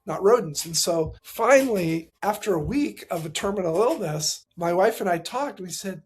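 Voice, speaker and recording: A middle-aged man, a pastor and grief specialist, telling a painful personal story as a guest, acting out the dialogue and dropping to a soft voice at the hardest moments. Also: on the high side, moderate pace, few pauses. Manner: earnest, acts out quoted dialogue, voice drops soft at painful moments.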